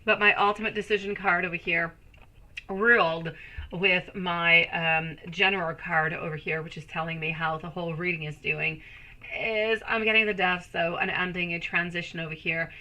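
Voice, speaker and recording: Bright, crisp-voiced tarot lady on a livestream, soft and soothing, calls everyone sweetie. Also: lowish voice, fairly even intonation, moderate pace, rough recording. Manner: bubbly and loud when greeting chat. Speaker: tarot reader. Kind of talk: live-stream tarot reading.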